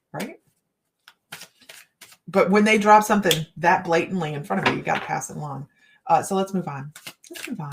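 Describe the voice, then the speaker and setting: A woman's voice: on the low side, vocal fry, slight background noise. A middle-aged woman reading cards on a casual live chat, rambling and laughing often. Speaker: psychic card reader.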